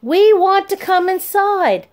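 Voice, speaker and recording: A woman voicing a nosy older woman neighbor who hollers in a shrill voice. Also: sing-song, slow, exaggerated voice. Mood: hollering.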